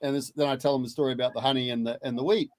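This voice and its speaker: An Australian man, a distiller, chatting casually on a podcast as a lively, animated storyteller. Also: mid-range voice, racing, no room sound.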